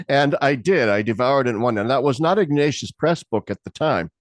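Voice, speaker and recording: A man's voice: medium pitch, expressive, normal speed, no echo. A man in his sixties hosting an interview, talking in an earnest, discursive way with frequent restarts. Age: 60s. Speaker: interview host. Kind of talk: conversational interview.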